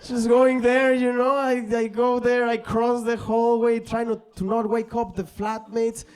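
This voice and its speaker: A man from Mexico performing a stand-up comedy set on stage, telling stories animatedly and acting out voices, with swings between loud and soft delivery. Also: very high-pitched, little pitch movement, unhurried, smooth. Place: comedy stage before a live audience. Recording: live club crowd audible. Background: audience laughter.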